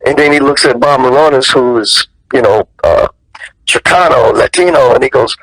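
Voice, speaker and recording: A male actor telling stories as an interview guest, lively and profane, jumping up in pitch when he quotes people. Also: normal speed, no echo, low-quality recording. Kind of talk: animated storytelling in an interview.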